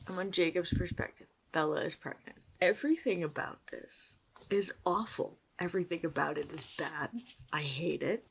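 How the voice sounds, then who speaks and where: A young woman rants at home late at night in a casual reading vlog, exasperated and quick to laugh. Her pitch swings widely as she complains. Now and then she sinks into a hushed whisper. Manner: exasperated ranting with frequent laughs; drops into whispers. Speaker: book vlogger.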